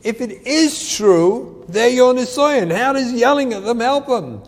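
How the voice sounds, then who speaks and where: A male rabbi giving a lecture on parenting, animated and emphatic, repeating his key points. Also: extremely high pitch, a little slow, in a large hall.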